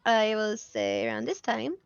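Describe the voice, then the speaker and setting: A woman's voice: mid-range voice, huge pitch swings, a little slow, clear, resonant tone, no echo, dull audio. A woman running a tabletop game as game master, narrating casually with lots of "like" fillers.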